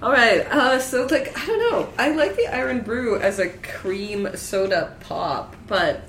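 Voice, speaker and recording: A woman co-hosts a casual tasting chat, playful and giggly, her pitch bouncing up and down. The room sounds roomy and carries a faint hiss. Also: animated, unhurried, a bit bright. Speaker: podcast co-host.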